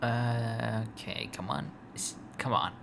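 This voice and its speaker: A man's voice: medium pitch, slow pace, vocal fry. A man giving casual, rambling commentary while playing a strategy game, stumbling over words and talking at the screen. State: sleepy, yawning. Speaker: let's play gamer. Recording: steady background noise.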